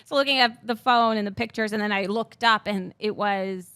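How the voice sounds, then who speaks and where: A woman from Ontario telling excited stories in a casual interview, acting out quotes in lively voices. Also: mid-range voice, moderate pace, smooth, dry recording. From Canada (Ontario). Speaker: guest, wrestling interviewer and host. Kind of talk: casual conversation.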